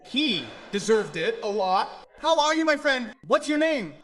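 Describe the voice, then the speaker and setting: Brazilian stand-up comic, man, high bright voice, teasing crowd-work banter. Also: unhurried. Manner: teasing, animated, laughing often. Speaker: stand-up comedian. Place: comedy stage before an audience.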